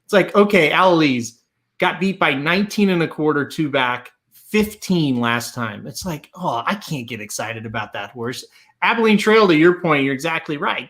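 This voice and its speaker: Blunt, bright-voiced man talking racing picks. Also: on the high side. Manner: blunt and animated, swears casually. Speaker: horse racing handicapper, podcast co-host. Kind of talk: casual betting analysis chat.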